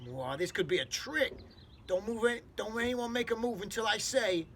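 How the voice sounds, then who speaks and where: A man voicing a loud, jumpy police chief who barks orders slowly and emphatically. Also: high-pitched, animated, a little hiss or hum, voice pushed up. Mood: bossy, nervous. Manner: barking commands, slow and emphatic. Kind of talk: storybook read-aloud.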